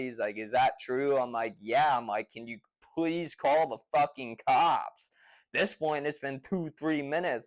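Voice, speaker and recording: A man casually retelling a personal story in a rambling, profane, excitable way. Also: mid-range voice, rough recording.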